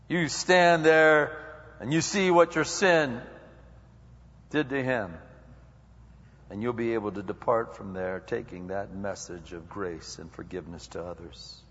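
A male preacher giving a lively sermon that acts out quotes and dialogue, recorded in an echoey hall with dull lo-fi sound. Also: mid-range voice, moderate pace.

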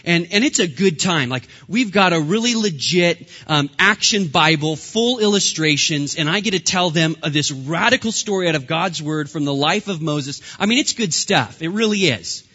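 Bright-voiced pastor preaching a sermon. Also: male voice, a little high, normal speed, hardly any pauses, slightly rough, muffled recording. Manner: lively storytelling with humor.

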